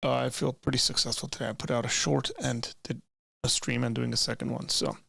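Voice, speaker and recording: A man's voice: mid-range voice, little pitch movement, fairly quick, creaky, pushed and bright, slightly rough, dry recording. A young man hosting a live stream from a home room with bookshelves, chatting to viewers in a rambling way with many restarts. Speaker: streamer reading chat. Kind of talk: casual live-stream chat. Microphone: desk microphone, leans in close.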